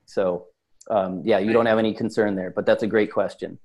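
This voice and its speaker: A man's voice: on the low side, steady tone, a little fast, a little mellow. A man speaking as an interview guest in casual chat, talkative and full of fillers. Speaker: supplement company guest.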